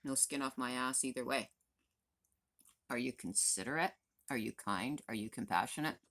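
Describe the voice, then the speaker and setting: A woman's voice: extremely low pitch, normal speed, fairly bright tone. A woman in her fifties, a vlogger, venting to the camera in a blunt, profane, exasperated rant. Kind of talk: angry direct-to-camera rant.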